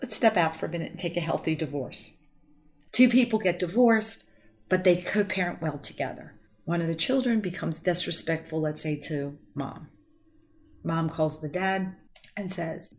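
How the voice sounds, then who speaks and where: Earnest low-voiced woman counselor. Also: normal speed. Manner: earnest, emphatic, acts out quoted dialogue. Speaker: family counselor. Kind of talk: explanatory talk to parents.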